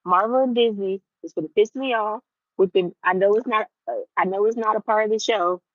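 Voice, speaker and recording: Animated woman ranting casually to viewers. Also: medium pitch, a little fast, no echo, highs cut off. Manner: animated, repeats herself for emphasis. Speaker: vlogger.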